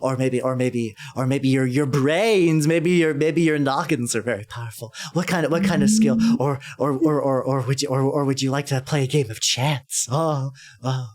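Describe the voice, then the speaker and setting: A man's voice: medium pitch, normal speed, lightly acted. A man voicing a chirpy female zombie clown who runs carnival games, in a coaxing sing-song.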